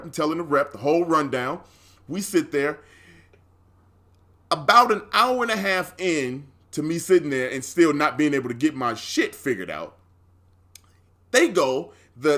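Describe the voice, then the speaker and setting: Animated young man telling a story. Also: fairly high pitch. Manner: animated, swears freely, acts out quotes. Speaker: podcast co-host. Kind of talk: casual storytelling.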